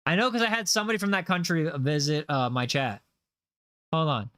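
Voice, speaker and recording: A man's voice: fairly high pitch, animated, a little fast, sharp tone, smooth, no echo, studio quality. A man chatting casually on a gaming livestream, rambling with lots of fillers and playful boasts. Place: home setup, lives in Los Angeles.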